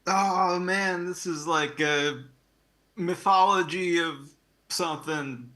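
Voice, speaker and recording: A man improvises a comedy scene, playfully switching into character voices. His voice is bright and fairly high. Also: takes it slowly. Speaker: improv performer.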